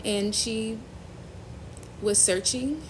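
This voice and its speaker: A young woman hosting a faith-based phone live stream, giving an emotional personal testimony in a halting, earnest way, near tears. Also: a little high, noisy background. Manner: halting, earnest, trailing off and restarting.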